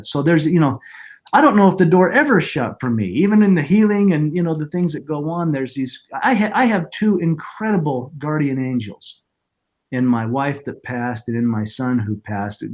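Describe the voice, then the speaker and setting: Middle-aged male guest, earnest and reflective, halting delivery, mid-pitched voice. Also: a little mellow. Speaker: podcast guest, author. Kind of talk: personal storytelling in interview.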